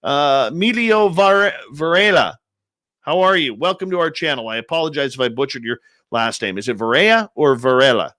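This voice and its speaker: A man hosting a live radio show, greeting listeners one after another in a playful, upbeat manner with drawn-out announcer emphasis. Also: on the high side, expressive, a bit bright, dry recording. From Canada. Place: home studio in British Columbia.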